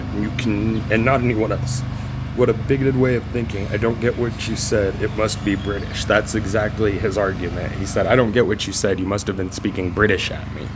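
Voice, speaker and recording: A man's voice: lowish voice, background noise. A man ranting in a political vlog, combative and mocking, loose and rambling with some swearing. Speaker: vlogger.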